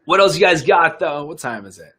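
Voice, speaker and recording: A young American man coaching fitness on a live stream, his voice sitting a little high for a man. He talks casually and upbeat, rambling with fillers and restarts as he pitches a product to viewers. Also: lively intonation, a little fast, sharp tone, slightly rough. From United States.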